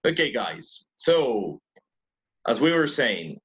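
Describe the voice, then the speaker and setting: A man's voice: medium pitch, big pitch swings, takes it slowly, a bit bright, low-quality recording. A man teaching an English class over a video call, patiently repeating his questions to prompt his students.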